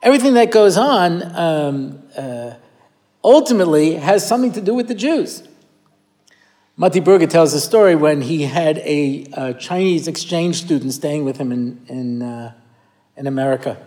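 Male lecturer, high voice, long hall reverb, storytelling teacher. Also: animated, normal speed, warm tone. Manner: storyteller who acts out quoted voices, with frequent restarts. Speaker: rabbi giving a weekly Torah class. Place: hall with a live audience.

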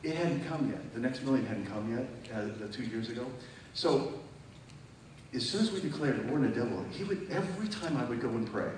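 A man's voice: mid-range voice, animated, brisk, a little hiss or hum. Preacher man in a very echoey hall. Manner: emphatic and conversational, often asks the audience questions. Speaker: preacher giving a testimony. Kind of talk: sermon testimony. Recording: very echoey hall, mic far off.

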